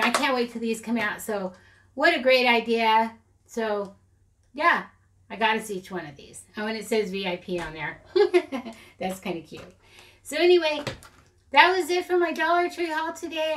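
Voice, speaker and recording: Lady craft vlogger, high voice, rambly and giggly, laughs at herself a lot. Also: a bit bright. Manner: rambling, giggly, self-deprecating. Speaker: craft channel host. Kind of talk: casual haul vlog chat.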